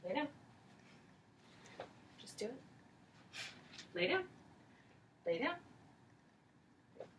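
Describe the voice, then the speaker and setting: Woman, playful Bible storyteller, casual slang, giggly, highish voice, distant mic. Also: big pitch swings, slow pace, long pauses, a bit bright. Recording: distant mic, faint background noise.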